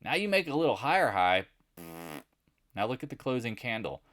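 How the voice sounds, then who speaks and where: A man's voice: medium pitch, sing-song, normal speed, a bit bright, no room sound, studio quality. A man giving a casual, jokey trading recap over charts, talking straight to his viewers and answering questions he imagines them asking. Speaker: market analyst host.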